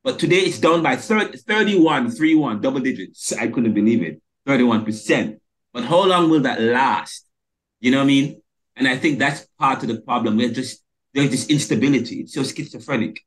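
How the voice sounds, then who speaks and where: A man's voice: medium pitch, animated, moderate pace. A man hosting a podcast interview, who talks emphatically and stumbles and restarts his words. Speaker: podcast host.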